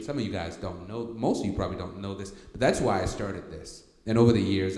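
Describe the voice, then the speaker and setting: A man giving a workshop talk to an audience, telling a personal story with lively energy and often asking "okay?" to keep the room with him. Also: on the low side. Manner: animated, repeats "okay?" to check in with listeners. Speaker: workshop speaker. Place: church hall. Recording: echoey hall with long reverb.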